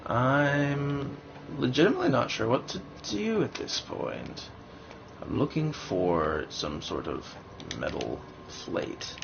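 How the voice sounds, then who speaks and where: Young male streamer, gravelly, muttering and thinking aloud; muffled home mic with faint hiss. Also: mid-range voice, huge pitch swings, takes it slowly. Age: young adult. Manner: thinking aloud, rambling and hesitant. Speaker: livestreamer playing a game. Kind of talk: live gameplay commentary.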